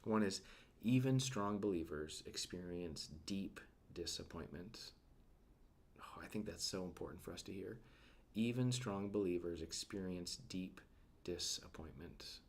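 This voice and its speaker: A man giving a casual devotional talk, conversational and full of fillers, often turning to ask his listeners questions and sinking to a soft near-whisper at emotional points. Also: deep voice, unhurried, creaky.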